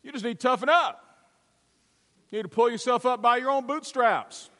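A brash, scornful tough guy barks orders in a voice pushed well above the speaker's usual pitch, as a preacher puts him on. It rings with a long hall reverb. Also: normal speed, a bit bright. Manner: bossy, lecturing.

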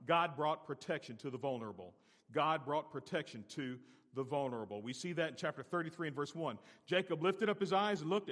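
A man preaching a sermon as pastor, repeating key phrases and swinging from quiet to loud. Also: on the high side, in a large hall.

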